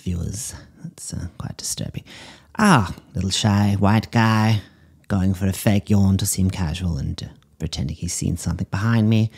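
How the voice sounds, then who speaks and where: A man voicing an eccentric, deadpan, middle-aged woman pet psychic, speaking in a husky voice with breathy murmured asides and drawled endearments. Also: deep voice, full character voice. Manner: deadpan, drawls "darling" at animals. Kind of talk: comedic voice-over monologue.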